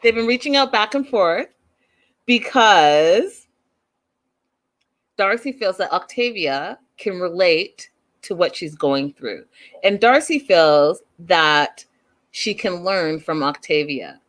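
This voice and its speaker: A woman's voice: fairly low pitch, lively intonation, takes it slowly, fairly bright tone. A woman hosting a casual recap show, chatty and opinionated, firing off rhetorical questions. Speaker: host.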